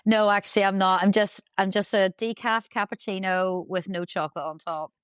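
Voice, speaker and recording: A woman's voice: medium pitch, fairly even intonation, brisk, fairly bright tone, smooth, no echo. A woman guest on a podcast, chatting in a bubbly, rambling, self-deprecating way. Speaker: guest, dressage rider. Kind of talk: casual chat.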